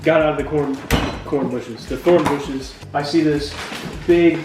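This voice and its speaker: A man telling a funny personal story, with jokey deadpan asides and acted-out sound effects. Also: on the high side, a little slow. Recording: roomy echo from a distant mic with music behind.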